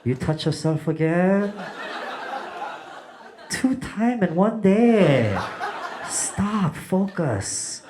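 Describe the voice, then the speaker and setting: A man voicing a strict immigrant father who scolds his son slowly in broken English. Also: sits high, big pitch swings, noisy background, voice pushed up, exaggerated voice. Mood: scolding.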